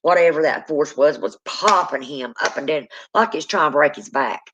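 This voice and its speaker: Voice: mid-range voice, moderate pace, a bit bright, a little hiss or hum. A speaker, telling a true ghost story in casual spoken style and acting out the people in it. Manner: dramatic, acts out quoted people. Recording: dull lo-fi sound.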